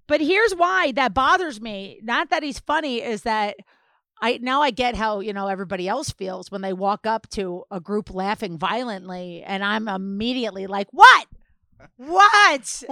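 A woman's voice: mid-range voice, moderate pace, fairly bright tone, no echo, studio quality. A woman hosting a podcast interview in casual chat, blunt, profane and joking. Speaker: podcast host.

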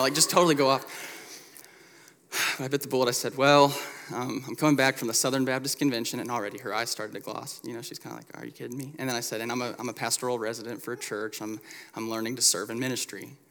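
A young man in his twenties preaches a casual, self-deprecating sermon. His voice sits at an ordinary middle pitch and carries a long reverb from a church sanctuary. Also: quick pace, fairly bright tone. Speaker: pastoral resident preaching. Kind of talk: sermon with personal story.

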